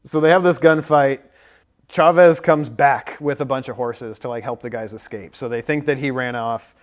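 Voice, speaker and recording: A man's voice: medium pitch, fairly even intonation, moderate pace. A man in his thirties recapping a movie on a casual podcast, rambling with plenty of fillers and likes. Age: 30s. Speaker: podcast co-host.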